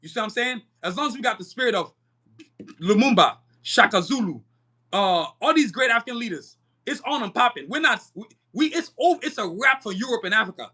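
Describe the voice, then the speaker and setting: A man's voice: very high-pitched, expressive, a little fast, bright, forceful tone, slightly rough. A young man hosting a podcast, delivering a fiery, profane, emphatic monologue and often stumbling over repeated words. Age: young adult. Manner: emphatic, repetitive stumbling restarts. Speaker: podcast host. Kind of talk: live-stream podcast monologue.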